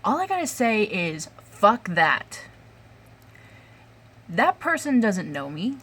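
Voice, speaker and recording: A woman's voice: on the high side, big pitch swings, normal speed, husky. A young adult woman vlogging an angry rant, swearing often and breaking off with fillers and sighs.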